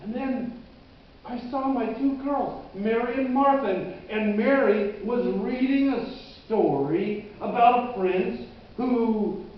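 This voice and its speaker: High-voiced preacher telling a story slowly. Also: male voice, a little hiss or hum. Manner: vivid storyteller, halting restarts. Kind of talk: dramatic sermon storytelling. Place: church. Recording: echoey church hall from a distance, dull sound.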